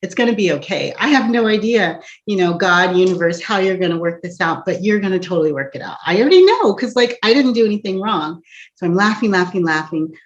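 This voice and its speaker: A young woman, an empath coach, telling a personal story in an animated way with frequent laughs and asides. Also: medium pitch, a little fast. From United States. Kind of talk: storytelling encouragement talk. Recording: dull lo-fi recording.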